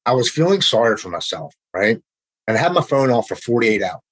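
A man's voice: mid-range voice, big pitch swings, husky, low-quality recording. A man telling a personal story in a casual, earnest way, often stumbling and repeating words. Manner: earnest, halting, repeats words when emotional.

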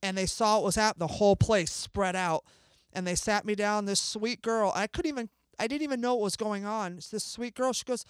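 Woman telling a vivid story, crisp dry sound. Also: mid-range voice, a little fast, no echo. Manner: animated, acts out dialogue, swears freely. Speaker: interview guest. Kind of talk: emotional first-person storytelling.

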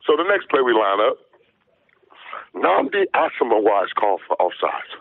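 A former football player tells his stories over a thin, tinny phone line. His husky voice sits fairly high and jumps all over as he talks. He is emphatic and animated, with no room sound around him. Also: normal speed, no echo. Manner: lively, emphatic, swings into loud high quoted voices. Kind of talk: animated storytelling in an interview.

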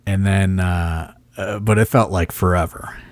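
A low-pitched man tells a long backstage story in a loose, rambling way, leaning on fillers. His voice is recorded dry and close, with no room sound around it. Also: steady tone, measured pace, no echo. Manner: rambling, heavy with "like" and "you know" fillers. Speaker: wrestling promoter and podcast host. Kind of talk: casual storytelling chat.

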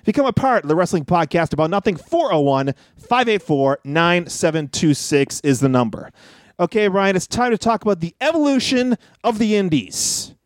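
A playful man co-hosting a podcast, bantering and reading promos in a high, lively voice that swoops up and down. The sound is dry and close, with no room around it. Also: normal speed, no echo. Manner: playful, doing goofy impressions. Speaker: podcast co-host.

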